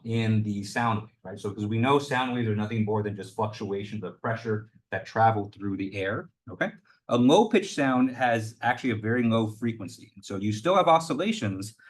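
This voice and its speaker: A young adult man giving a university lecture as the instructor, explaining loosely with lots of hedges and fillers. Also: lowish voice. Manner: loose and hedging, full of "you know" and "kind of".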